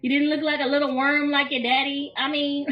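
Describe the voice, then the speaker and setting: A woman's voice: high voice, level tone, a little fast. Blunt, profane middle-aged woman streamer. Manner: blunt, profane, laughing gossip. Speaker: livestream host. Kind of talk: casual livestream commentary. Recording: roomy, distant, slightly muffled, faint music.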